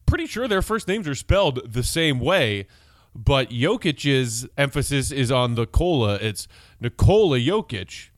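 A man hosting a solo sports podcast, chatting casually and excitably and reading listener texts aloud. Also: medium pitch, measured pace, no room sound. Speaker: podcast host.

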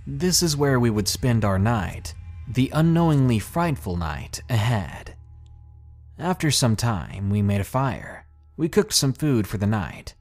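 A man reading a listener's true horror story aloud as a podcast narrator, with a measured, dramatic storytelling delivery. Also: lowish voice, darkish tone.

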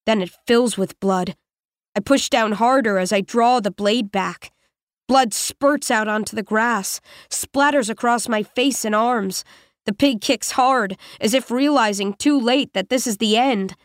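A woman narrating an audiobook in the first person, in a measured, even voice with short, plain sentences. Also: fairly high pitch, dry recording, clean studio sound.

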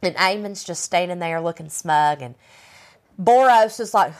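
A woman's voice: fairly low pitch, a little slow. A woman co-hosting a podcast, casually retelling a TV episode with lots of fillers. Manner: chatty, filler-heavy, retelling scenes. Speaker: podcast co-host. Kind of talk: casual recap chat.

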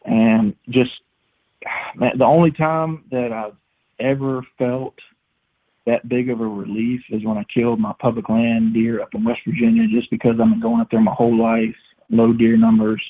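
A young man tells his hunting story with rising excitement and acts out the voices of the people in it. His voice is husky and comes through a thin, phone-like line. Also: mid-range voice, normal speed. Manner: excited, animated retelling with acted-out quotes. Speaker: guest telling a hunting story. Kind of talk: casual storytelling.

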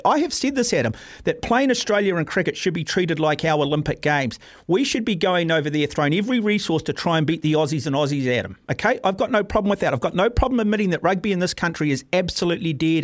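A middle-aged man hosting talkback radio, arguing hotly with a caller, sarcastic and combative, cutting in by repeating the caller's name. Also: on the high side. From New Zealand. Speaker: radio talk show host. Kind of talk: heated talkback argument.

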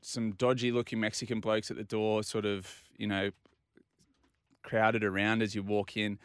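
An Australian man telling a long, animated anecdote on a casual talk show and acting out the other people's lines. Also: fairly low pitch, normal speed, clean tone, dry recording, studio quality. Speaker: regular guest. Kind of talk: casual storytelling.

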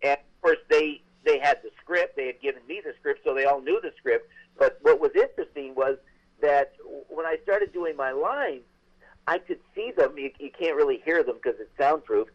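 An older man, a veteran actor, telling stories as an interview guest in a chatty, animated way with many restarts. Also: on the high side, normal speed, highs cut off. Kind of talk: interview storytelling.

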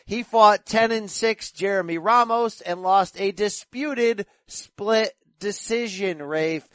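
A man with a high-ish voice hosts casual podcast chat with enthusiastic, joking energy. His sound is dry and close, with no room in it. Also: takes it slowly, fairly bright tone, no echo. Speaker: boxing podcast host.

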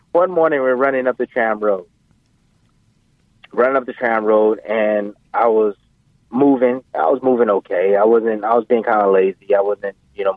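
Male phone-in guest, rambling storyteller, flat dry phone sound. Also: lowish voice, dry recording. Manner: animated, rambling, full of fillers. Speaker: guest, professional boxer. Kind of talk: casual storytelling interview. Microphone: phone call. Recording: tinny phone line.

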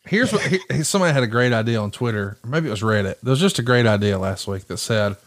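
A fast-talking, animated middle-aged man with a mid-range voice and a Southern accent, he hails from Alabama. On the casual wrestling podcast he co-hosts, he's enthusiastic and teasing, dropping some swear words.

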